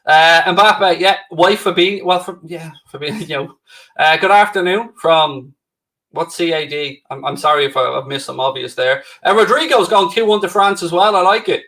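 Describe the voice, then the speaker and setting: The speaker is a middle-aged man from Ireland co-hosting a football watchalong stream, chatting casually and sarcastically teasing his viewers. He talks at a normal speed in a fairly high voice that sounds pushed and bright.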